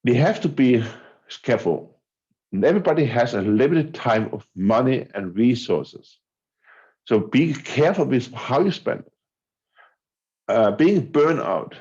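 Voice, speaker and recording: Presenting at an online conference via video call, a man speaks casually in a middle-range pitch. His delivery is full of hesitations and restarts, captured on dull, lo-fi audio.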